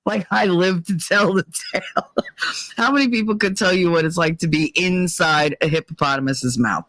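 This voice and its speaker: A woman's voice: on the low side, animated, fairly quick, a bit bright, dry recording. A middle-aged woman hosting a casual livestream, chatting with viewers, swearing and laughing as she jumps from topic to topic. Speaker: livestream host. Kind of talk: casual chat reading viewer comments. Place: dark cramped corner of a room.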